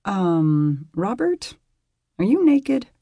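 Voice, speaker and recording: A man putting on a soft, hesitant young woman. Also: high-pitched, very animated, takes it slowly, vocal fry, slightly rough, no echo, muffled recording, voice pushed up, heavily acted. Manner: soft, raised, hushed. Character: young modern woman, gentle and weary.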